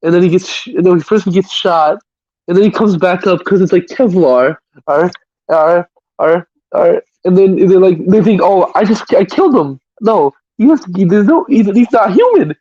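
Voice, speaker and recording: A man's voice: high voice, normal speed, warm tone. Rambling man on a lo-fi stream. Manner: rambling, with frequent stammered restarts. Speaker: live stream host. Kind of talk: casual movie chat.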